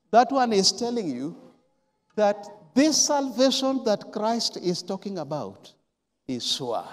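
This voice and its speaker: A pastor with a strikingly high voice preaches slowly and deliberately, leaning hard on repeated words. He drops to a hush, then rises to loud stressed lines. His voice rings with the long reverb of a large church hall. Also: big pitch swings. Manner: emphatic, repeats key words, swings from quiet to loud. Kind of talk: sermon.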